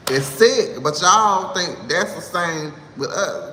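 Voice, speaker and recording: A man's voice: sits high, lively intonation, slow. A man in his thirties delivering a sassy, exasperated monologue to camera, ranting with laughs. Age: 30s. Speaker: vlogger. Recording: echoey room with long reverb, faint noise.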